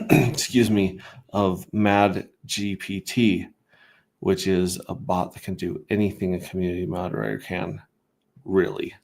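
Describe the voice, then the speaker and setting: A man's voice: deep voice, a little mellow. A man hosting a casual crypto livestream, talking through charts in a rambling, self-interrupting way with wry asides.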